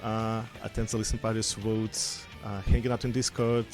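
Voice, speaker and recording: A man's voice: lowish voice, little pitch movement, moderate pace. A young man with a Russian accent moderating a casual panel chat, talking loosely with many "like"s and "uh"s. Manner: casual, heavy on filler words like "like" and "uh". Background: music playing.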